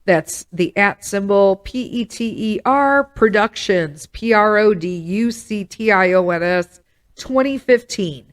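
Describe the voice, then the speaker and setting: In an unhurried, animated mid-range voice, a middle-aged woman hosts a laid-back podcast conversation. Warm and laughing, she teases her listeners with a motherly touch.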